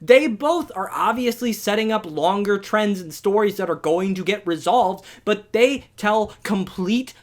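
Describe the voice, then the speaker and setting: A young adult movie reviewer rants through a video review in an exasperated, sarcastic voice. The delivery is animated, stacking up rhetorical questions and dry asides. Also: medium pitch, unhurried, hardly any pauses. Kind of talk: ranting video review commentary.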